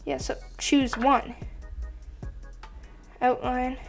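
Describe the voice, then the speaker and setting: A teenage girl talking through her study notes in a slow, offhand way and swearing casually. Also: high voice, level tone, gravelly, faint music behind. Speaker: student.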